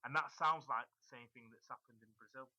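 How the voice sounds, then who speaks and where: A man's voice: mid-range voice, steady tone, a little fast, pushed and bright, no echo. A man from Ireland, rambling and thinking aloud as he chats on a casual online radio show. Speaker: talk show co-host. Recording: dull lo-fi online stream.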